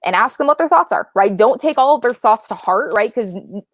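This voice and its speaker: A woman's voice: on the high side, animated, a little fast. A young woman talking as a guest in a casual interview, chatty and often asking "right?" to check in.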